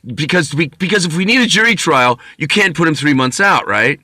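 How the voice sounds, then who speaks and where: A man's voice: a little high, animated, fairly quick, sharp tone, no echo. A man telling a long, rambling story to camera, profane and wry. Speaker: vlogger. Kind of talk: rambling monologue.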